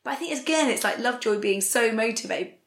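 A woman's voice: a little high, expressive, fast talker, echoey room. A woman recapping a TV episode in casual chat, laughing often, her voice strained from singing earlier. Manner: chatty, laughs often, bursts into playful sing-song. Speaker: podcast co-host.

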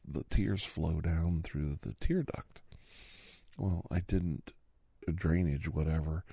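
A man hosting an ASMR podcast in a whispered role-play, rambling softly between a low voice and a whisper, recorded close in a quiet room. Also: creaky, slightly rough, dry recording. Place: quiet room near railway tracks.

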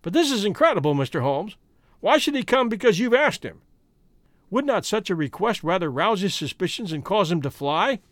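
A man's voice: high voice, sing-song, normal speed, a bit bright, no room sound, studio quality. A man voicing a worried, doubtful male police inspector who keeps questioning. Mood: anxious.

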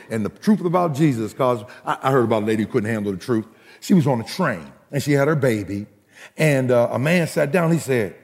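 A man's voice: mid-range voice, expressive, quick pace, creaky, a little mellow, breathy edge, long reverb tail. A man preaching a sermon as pastor, rhythmic and emphatic, mixing humor with calls to the congregation.

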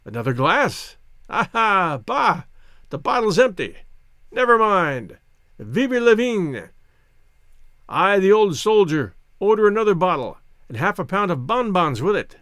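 A man's voice: high-pitched, very animated, unhurried, fairly bright tone, no echo, clean studio sound, full character voice. A man voicing a boisterous, crafty old male ex-grenadier in an audiobook, with an exclamatory, grandiose manner. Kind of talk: audiobook character voice.

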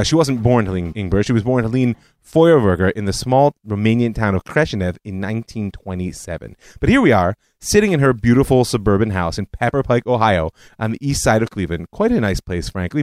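A man's voice: lowish voice, darkish tone, no room sound. A man hosting a history podcast, telling it as a story with conversational asides. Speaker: podcast host. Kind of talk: scripted history narration.

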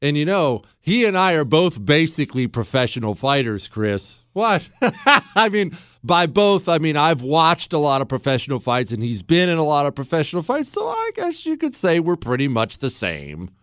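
A man's voice: on the high side, big pitch swings, moderate pace, fairly bright tone, clean tone, no echo. A man hosting a talk radio show in a sarcastic, self-mocking joking manner, speaking into a studio mic.

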